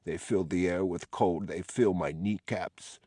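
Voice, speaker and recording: A man voicing a troubled male asylum patient who mutters the same complaint over and over, softly and slowly. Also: sits low, no echo, studio quality. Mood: mumbling fixated. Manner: mumbling, repetitive, subdued.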